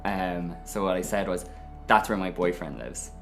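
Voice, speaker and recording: A man with an Irish accent, telling his own story to camera in a frank, animated way. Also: sits low, normal speed, gravelly, soft background music. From Ireland. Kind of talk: personal testimony to camera.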